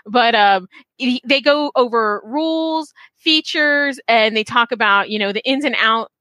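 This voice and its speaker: A woman hosting a podcast in casual chat, bubbly and excitable, full of quick asides and restarts. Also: fairly high pitch, no echo. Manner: chatty, with restarts and quoted asides. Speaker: podcast host.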